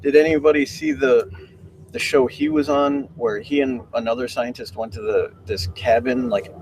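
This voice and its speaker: A man co-hosting a casual panel chat, lively and jokey. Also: mid-range voice, normal speed, low-quality recording. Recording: light background noise.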